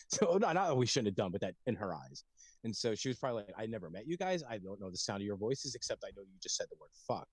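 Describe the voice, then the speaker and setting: A man's voice: on the low side, darkish tone, dry recording. A man in his thirties, a podcast co-host, rambling through a story with frequent laughs and swearing. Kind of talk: casual chat.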